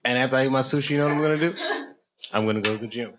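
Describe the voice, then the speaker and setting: A man's voice: mid-range voice, racing, over a noisy crowd. A middle-aged man, a comedian, joking loosely with people in a live club. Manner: loose, joking, chatty with the audience. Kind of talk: casual crowd banter on stage.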